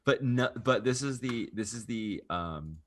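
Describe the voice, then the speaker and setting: A man playing a tabletop game, describing his character haltingly. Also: medium pitch, lively intonation, a bit bright, a little hiss or hum. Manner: halting, many fillers and restarts. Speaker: player. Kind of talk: casual tabletop game chat.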